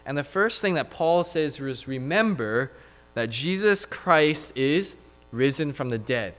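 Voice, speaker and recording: A man's voice: a little high, expressive, unhurried, a bit bright. A man preaching a sermon, reading scripture aloud with many "uh" fillers and building to emphatic repetition.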